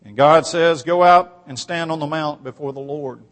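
High-voiced preacher in a reverberant hall. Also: male voice, fairly even intonation, moderate pace, fairly bright tone. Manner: emphatic, rising on repeated phrases, reads scripture aloud. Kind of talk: sermon.

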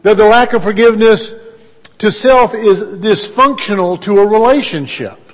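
A middle-aged man with a high-sitting voice preaches at normal speed, his sound echoing as in a big room. His sermon is conversational and folksy, told through stories, and he poses questions to his listeners.

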